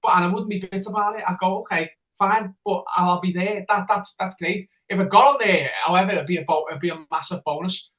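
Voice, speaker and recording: A man's voice: high-pitched, fast, few pauses, bright, forceful tone, rough recording. Eager rambling man DJ. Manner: rambling, repeats himself, eager. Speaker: DJ and radio presenter. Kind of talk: casual podcast interview.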